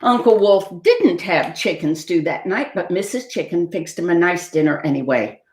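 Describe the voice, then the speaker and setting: A woman librarian reading aloud to children at storytime, slowly and with lots of expression. Her voice sits a little low and swings widely in pitch. It sounds in an echoey library room. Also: animated, a little hiss or hum.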